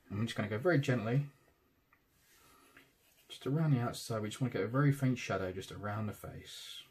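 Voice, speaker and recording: A man, casually talking through a digital tattoo drawing in real time, thinking aloud and trailing off softly. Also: fairly low pitch, slightly rough.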